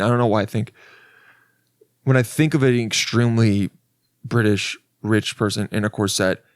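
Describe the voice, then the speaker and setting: A man's voice: on the low side, dry recording, clean studio sound. A young adult man hosting a podcast, telling a story in a casual, rambling, profane and self-mocking way, with many restarts. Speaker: podcast host.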